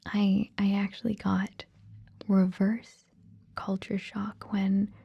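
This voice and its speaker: Slow breathy whispering woman. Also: medium pitch, completely flat delivery, highs cut off. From Canada. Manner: slow, drifting, with many ums. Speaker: ASMR creator. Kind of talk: whispered ASMR rambling. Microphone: close ASMR microphone.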